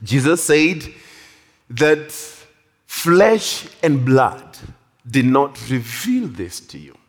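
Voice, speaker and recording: A man preaching a sermon in a church hall with animated, drawn-out emphasis. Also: medium pitch. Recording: long reverb of a large hall.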